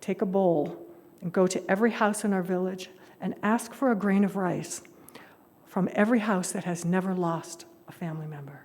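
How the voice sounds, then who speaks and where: A woman voicing a gentle, wise old male village guru, speaking softly and slowly, in an echoey hall. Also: fairly low pitch, lightly acted. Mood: gentle, consoling.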